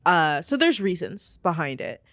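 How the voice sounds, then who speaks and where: A podcast co-host talking casually, agreeing a lot and adding quick asides. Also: mid-range voice, big pitch swings, a bit bright, no echo, clean studio sound. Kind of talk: casual chat.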